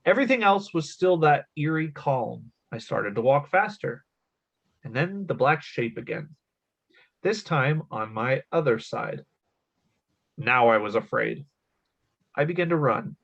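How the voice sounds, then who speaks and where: Casting: man, thirties, podcast host, mid-pitched, casual storyteller, slightly dull lo-fi sound. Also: animated, a little slow, creaky, long pauses, fairly bright tone, husky. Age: 30s. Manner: laughs often, swears casually. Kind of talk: casual podcast chat, reading a story aloud.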